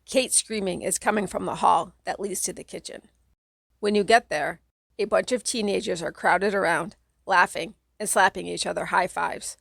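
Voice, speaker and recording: Gravelly woman narrating a spooky kids' book. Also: on the low side, moderate pace, fairly bright tone, no room sound. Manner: dramatic, second-person storytelling. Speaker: audiobook reader. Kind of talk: scripted narration of a children's horror story.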